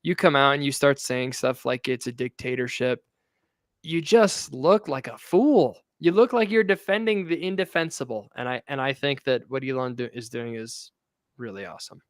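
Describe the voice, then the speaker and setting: Emphatic man, smooth and dry. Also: medium pitch, expressive, a little fast, fairly bright tone, dry recording. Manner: emphatic, indignant outbursts. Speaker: podcast host. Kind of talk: political commentary chat.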